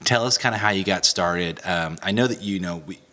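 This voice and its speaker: A podcast host chats casually with a guest in a home kitchen, upbeat and talkative and quick to laugh. His voice is low-pitched yet bright and forceful, and he speaks a little fast.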